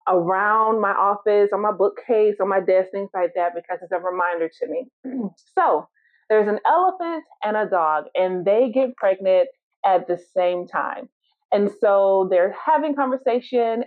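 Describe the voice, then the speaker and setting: A woman hosting her own solo podcast as a law firm owner, talking casually and encouragingly to listeners and telling stories. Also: mid-range voice. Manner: encouraging, storytelling, direct address. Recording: tinny phone-like sound.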